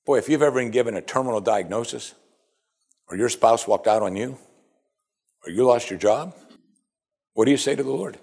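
A man delivers a sermon with a very lively, swooping pitch. He slips into higher, playful voices to act out the people he quotes, then drops back into a plain, even teaching tone. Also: fairly quick, creaky, long pauses, breathy edge. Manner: animated, acts out quoted voices in a raised pitch. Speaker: pastor.

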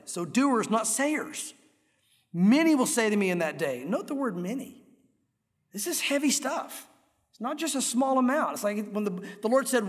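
A middle-aged male pastor preaching an earnest, animated sermon in a church, acting out crowd voices along the way. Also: very high-pitched. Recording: echoey hall with long reverb.

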